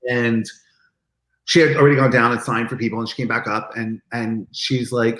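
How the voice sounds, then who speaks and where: A man telling stories as an interview guest, animated and acting out the lines he quotes in lively chat. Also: mid-range voice, a little fast, reverberant, poor audio. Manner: animated, acts out quoted dialogue. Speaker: guest, event marketing executive. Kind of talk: casual storytelling in an interview.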